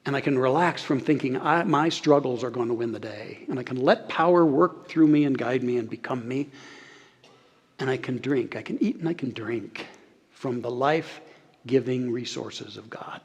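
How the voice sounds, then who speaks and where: A man's voice: mid-range voice, breathy edge. Earnest male pastor in a reverberant sanctuary. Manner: earnest, slows and softens on key phrases, leads congregation in repeating. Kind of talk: sermon. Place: church sanctuary. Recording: long hall reverb.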